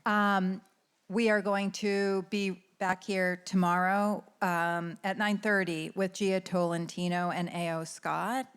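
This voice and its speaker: A woman making casual, halting closing announcements at a live event. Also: on the low side, little pitch movement, smooth.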